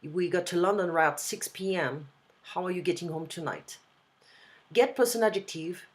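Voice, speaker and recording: A woman with a French accent tutoring a student over a video call in a casual one-on-one lesson, explaining slowly and repeating example phrases. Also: on the low side. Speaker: language tutor.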